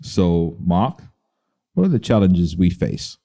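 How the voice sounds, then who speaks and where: A man from Bahrain, hosting a podcast and giving a measured, dry scripted documentary narration. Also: sits low, sing-song, vocal fry, warm tone. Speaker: podcast host.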